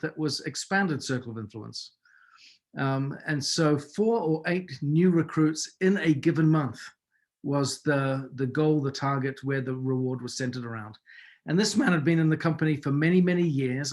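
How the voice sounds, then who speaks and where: A man's voice: fairly high pitch, moderate pace, a little mellow. A man giving a mentoring talk on a call, telling anecdotes in a conversational way and asking his listeners rhetorical questions. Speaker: business mentor. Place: video or conference call.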